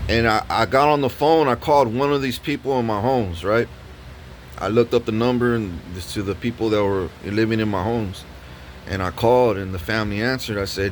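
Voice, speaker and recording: A man's voice: on the low side, normal speed, slight background noise. A man vlogging a profane, rambling story, full of restarts and repeated words. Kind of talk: ranting story vlog.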